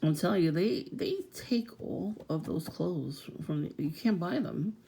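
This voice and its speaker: A woman talks straight to her viewers in a loose, profane rant and laughs often. Her voice is gravelly and low, with a dark, mellow tone. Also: animated, measured pace. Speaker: vlogger. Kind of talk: casual rant to camera.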